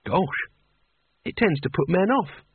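A man voicing a fierce, blunt young barbarian woman who talks in a curt, irritable, matter-of-fact way, with a husky voice. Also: sits high, expressive, measured pace, no room sound, voice pushed up, full character voice. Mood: wry. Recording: tinny phone-like sound.

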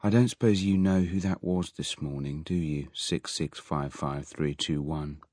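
A man's voice: very deep voice, measured pace, a little mellow, no room sound, studio quality, pitched below the performer's own voice. A man voicing a tired, weary male prison governor with a disdainful manner.

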